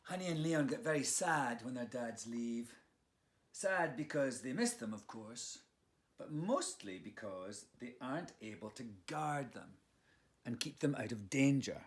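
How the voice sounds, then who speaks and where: A man reads a children's picture book aloud at an unhurried pace, playful and full of expression. His voice rises and falls a great deal as he speaks to young listeners, now and then dropping to a whisper. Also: mid-range voice, animated.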